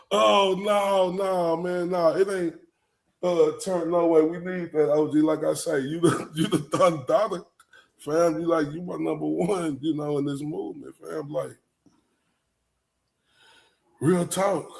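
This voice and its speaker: A man with a drawl hosts a loose, chatty livestream, his voice sitting a touch higher than most men's. He rambles in easy slang, circles back on himself, and keeps bursting out laughing. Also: fairly even intonation, slow pace, creaky. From Texas. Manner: rambling, slang-heavy, breaks into laughter often. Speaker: livestream show host. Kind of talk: casual livestream chat.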